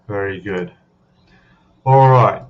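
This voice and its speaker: A man's voice: lowish voice, takes it slowly, muffled recording. An Australian man hosting a live stream, chatting casually and rambling to his audience, often ending remarks with "eh?". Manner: rambling, chatty, tags questions with "eh?".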